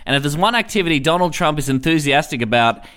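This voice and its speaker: A man's voice: a little high, expressive, quick pace, a bit bright, clear, resonant tone. A man hosting a comedy podcast, delivering punchy, sardonic riffs. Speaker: host. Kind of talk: comic podcast monologue.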